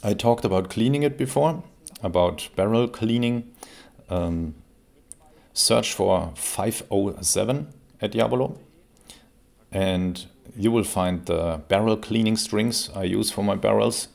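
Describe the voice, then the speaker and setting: A man, creaky after a cold, explaining an airgun in a relaxed, casual review with plenty of fillers. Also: lowish voice, slow pace. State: recovering from a cold. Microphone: camera mic while seated.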